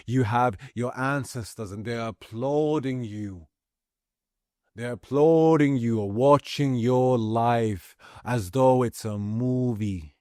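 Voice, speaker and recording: A motivational speaker delivers an impassioned spiritual pep talk, repeating his lines and swearing freely for emphasis. His medium-pitched voice is a little mellow, captured in a dry, clean studio recording.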